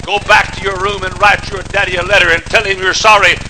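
An older man preaching a sermon, swinging from shouts to hushed storytelling. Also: high voice, little pitch movement, brisk, background noise.

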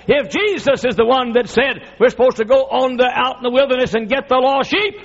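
Husky-voiced impassioned preacher. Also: male voice, extremely high pitch, a little fast, muffled recording. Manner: impassioned and folksy, laughing often. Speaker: pastor. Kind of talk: sermon.

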